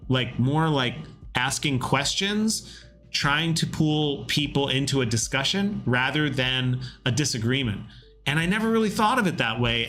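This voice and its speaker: A man in his thirties streaming a game devlog, rambling casually with lots of fillers and getting animated when he quotes people. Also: medium pitch. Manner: rambling, self-deprecating, with many fillers. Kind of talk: casual livestream chat.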